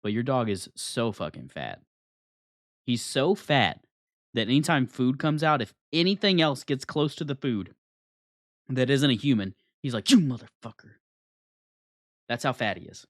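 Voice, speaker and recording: Male streamer, casual profane game commentary, animated delivery. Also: medium pitch, normal speed, dry recording, studio quality. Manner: profane, joking, rambling.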